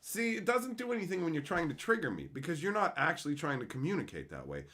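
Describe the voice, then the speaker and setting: A man's voice: fairly high pitch, big pitch swings, fast talker, a bit bright. A middle-aged man from Canada hosting a casual livestream, ranting with heavy profanity and mocking silly voices. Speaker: livestream host.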